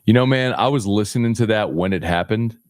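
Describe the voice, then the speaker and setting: A man's voice: on the low side, dry recording. Emphatic man on a dry call. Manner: emphatic, teasing, rapid bursts. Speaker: sports radio host, guest. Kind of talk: animated podcast chat.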